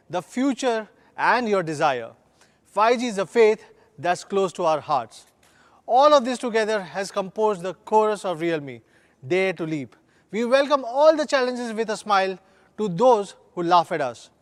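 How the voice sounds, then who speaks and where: A middle-aged man, speaking in a notably high voice. He reads a scripted launch keynote, leaning on slogans with a steady, rousing cadence. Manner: rousing, slogan-filled corporate pitch with measured emphasis. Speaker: company executive giving a product launch keynote.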